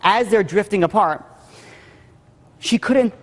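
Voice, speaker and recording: A man's voice: sits high, slow pace. A male rabbi telling a story in a sermon, casual with lots of "like" and "you know". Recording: long hall reverb.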